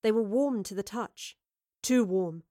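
A woman reading a story aloud in a steady, even narration. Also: medium pitch, unhurried, no room sound, clean studio sound. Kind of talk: audiobook narration.

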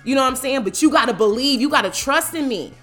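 A woman's voice: high-pitched, animated, quick pace, fairly bright tone, soft background music. A woman giving a casual motivational talk about faith, emphatic and preachy, acting out the voices she quotes. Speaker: motivational speaker.

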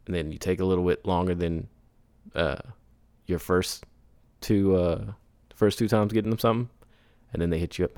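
A man hosting a solo podcast, telling business stories in a casual, animated way, acting out others in high put-on voices and laughing between lines. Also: fairly quick, dry recording. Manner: laughs and sighs often. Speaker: podcast host.

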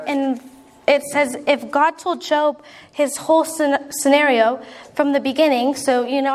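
A young woman delivers a sermon in a high, light voice. She talks earnestly and conversationally, slipping into spoken prayers. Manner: earnest, conversational preaching with repeated appeals and acted prayers. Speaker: preacher.

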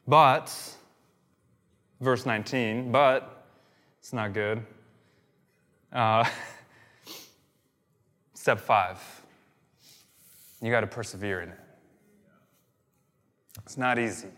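A male pastor delivers an energetic sermon, circling back on his words with restarts and fillers. His middle-pitched voice rings with the long reverb of a church hall. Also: extremely slow, long pauses.

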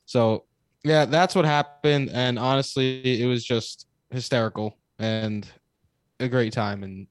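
Young male co-host, casual animated storyteller, mid pitch, dead-dry close mic. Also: measured pace, no echo. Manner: animated, swears, laughs while telling. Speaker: podcast co-host.

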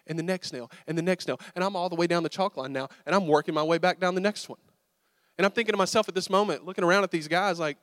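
A man's voice: fairly high pitch, a little fast, dry recording, clean studio sound. A young man, a pastor telling a self-mocking story from the pulpit and joking with his audience. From American South. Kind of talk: storytelling sermon. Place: church sanctuary.

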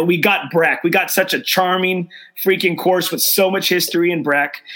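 A man's voice: high voice, sharp tone. A middle-aged man hosting a golf show, talking with emotion and enthusiasm and often repeating himself. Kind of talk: casual chat, live show sign-off.

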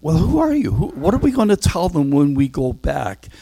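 A man's voice: fairly high pitch, wildly swooping pitch, normal speed, creaky, mellow, no echo, pitched above the performer's own voice, heavily acted. A fretful envoy of religious men, as a man puts him on, pressing and pleading for answers. The voice jumps well above the man's own, thin and insistent. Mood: exasperated. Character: anxious questioning delegation of religious men.

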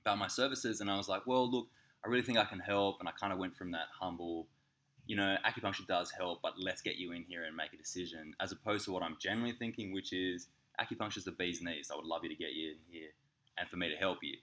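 Australian man, lowish voice, bright tone, animated storyteller, casual podcast chat. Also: quick pace. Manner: animated, laughing, swearing, acts out voices in anecdotes. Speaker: podcast co-host, acupuncturist.

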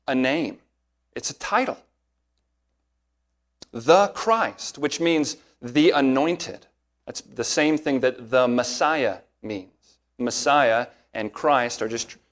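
A man preaching an expository sermon as a pastor, earnest and emphatic, slowing down and speeding up to stress key points. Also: medium pitch.

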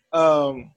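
A man's voice: a little high, no room sound. A man in casual chat, animatedly retelling a film plot with profanity and acted-out quotes. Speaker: podcast co-host.

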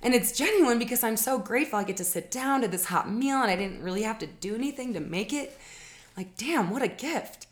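A woman explains relationship habits in a casual spoken lesson. Her delivery is earnest and conversational. She often pauses on fillers and corrects herself mid-sentence. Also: on the high side, lively intonation.

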